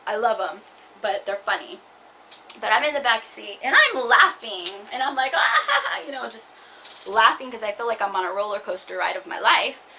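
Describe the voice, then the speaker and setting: A woman's voice: medium pitch, lively intonation, normal speed, noisy background. A young woman vlogging casually, rambling with many fillers and restarts. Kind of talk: casual personal vlog.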